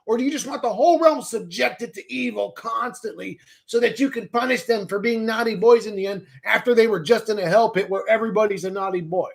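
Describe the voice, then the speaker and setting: A man's voice: high-pitched, expressive, a little fast. A man hosting a live stream, talking straight to his viewers in a heated, profane rant. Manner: swearing, heated, mocking; chats to viewers in the stream chat. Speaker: livestream host.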